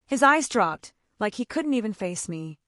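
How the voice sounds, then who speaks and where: Woman storyteller, dramatic first-person narration, measured, dry close sound. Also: mid-range voice, big pitch swings, fairly bright tone, dry recording.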